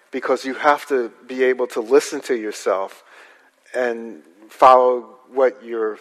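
A man telling a personal story to an audience in a halting, rambling way. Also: mid-range voice, fairly bright tone. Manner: halting, rambling, with restarts and fillers. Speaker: guest speaker. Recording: long hall reverb.

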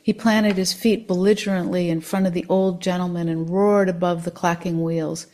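A woman reading a first-person story aloud in an expressive, measured way. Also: lowish voice.

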